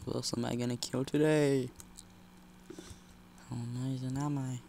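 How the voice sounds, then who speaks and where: A man giving casual, excitable commentary over a shooter game, jumping from shouts to muttered whispers. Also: mid-range voice, measured pace, gravelly, long pauses. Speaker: gamer commentator.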